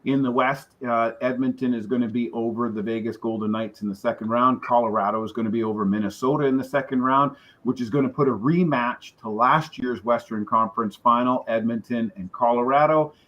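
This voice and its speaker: A man's voice: medium pitch, fairly even intonation, fairly quick, few pauses, lo-fi sound. A man giving confident hockey predictions as a guest on a casual sports show, with filler ums.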